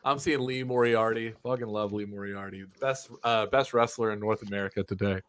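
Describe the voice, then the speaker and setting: A man's voice: lowish voice, steady tone, fairly quick, a bit bright, smooth. A young man telling a long, profane, rambling wrestling story as a podcast guest. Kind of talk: casual chat.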